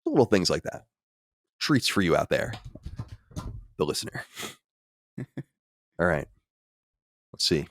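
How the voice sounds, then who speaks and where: A man hosting a podcast in casual chat, animated and reading listener letters aloud. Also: deep voice, slow, pauses often, a little hiss or hum. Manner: animated storyteller, reads listener mail aloud. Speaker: podcast host.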